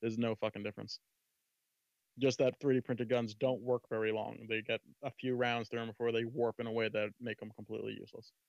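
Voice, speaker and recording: A man's voice: mid-range voice, level tone, brisk, vocal fry, dry recording, dull audio. A man in a casual online panel chat, talking bluntly and with plenty of swearing. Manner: brash, profane, blunt. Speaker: stream co-host.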